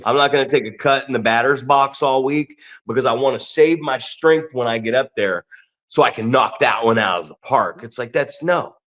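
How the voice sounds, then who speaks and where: A man co-hosting a podcast, ranting profanely with animated mocking asides. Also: medium pitch, moderate pace. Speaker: podcast co-host. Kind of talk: casual podcast rant.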